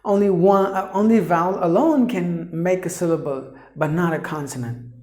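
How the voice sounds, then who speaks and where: A woman teaching English pronunciation in a slow lesson. She spells out letters and repeats each word several times. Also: fairly low pitch, dark tone. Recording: echoey room.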